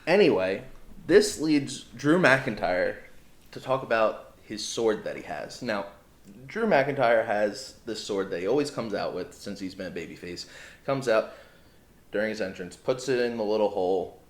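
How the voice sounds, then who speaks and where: A man's voice: on the low side, lively intonation, moderate pace. Sarcastic man recapping in an echoey room. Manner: sarcastic, blunt storyteller, swears. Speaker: podcast co-host. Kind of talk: casual wrestling review chat.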